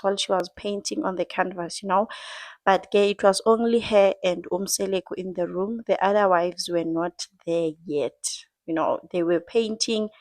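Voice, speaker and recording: A South African woman dishes on a reality show in a chatty, confiding way, her voice at an ordinary middle pitch. The sound is close and dry, with no room around it. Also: a little mellow, no room sound. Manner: chatty, mixes in isiZulu words, calls the viewer 'Sana'. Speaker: entertainment gossip host. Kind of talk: casual reality-show recap.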